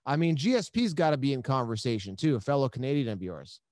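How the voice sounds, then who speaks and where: A man's voice: mid-range voice, very animated, quick pace, darkish tone, no room sound, studio quality. A man hosting a sports podcast, chatting casually and eagerly asking leading questions. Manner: eager, asks leading questions, laughs easily. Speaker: podcast host.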